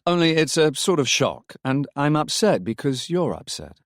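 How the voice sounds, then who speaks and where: A man voicing a worried husband who speaks gently and coaxingly. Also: fairly high pitch, sing-song, moderate pace, no echo, clean studio sound, pitched above the performer's own voice. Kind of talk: audiobook character reading.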